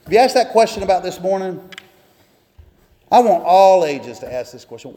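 A man's voice: high voice, big pitch swings, normal speed, warm tone. A man preaching a sermon in a church, telling a folksy story and acting out its dialogue. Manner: storytelling, acts out dialogue in raised voices. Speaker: pastor. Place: church sanctuary. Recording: long hall reverb.

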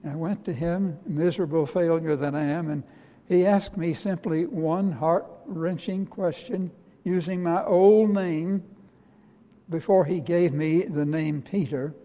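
A man preaching as the apostle Peter, a humbled middle-aged fisherman telling his own story in the first person, earnest and halting. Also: fairly high pitch, warm tone, natural voice. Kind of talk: dramatic first-person sermon monologue. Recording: long reverb of a large hall.

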